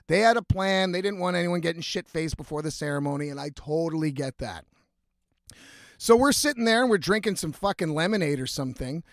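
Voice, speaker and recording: A man telling a story in a casual, animated, heavily profane way, rambling as he goes. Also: a little high, gravelly, no room sound, studio quality. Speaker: vlogger.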